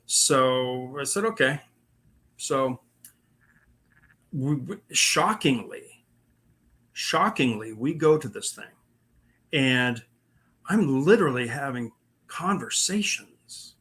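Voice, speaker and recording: A man's voice: mid-range voice, animated, slow pace, long pauses, fairly bright tone, slightly rough. A man telling his own paranormal stories in a rambling way, with many fillers and restarts. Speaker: paranormal investigator guest. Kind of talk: casual storytelling.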